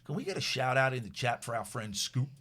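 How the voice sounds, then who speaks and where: Bright, lively middle-aged male host, excitable and rambling; casual live-stream chat. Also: medium pitch, a little fast. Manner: animated, excitable, rambling with restarts. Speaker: show host.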